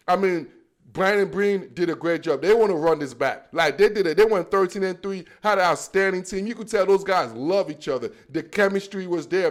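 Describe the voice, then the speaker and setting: Hosting a football podcast, a young African-accented man speaks in a high voice, drawing out words for emphasis. His talk is slangy, lively, and casual as he riffs.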